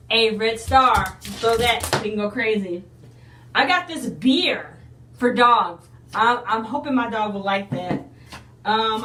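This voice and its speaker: A woman's voice: a little high, a bit bright, roomy sound, recorded from a distance, a little hiss or hum. A woman in a casual unboxing video, chatting to her viewers and calling them y'all. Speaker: unboxing vlogger.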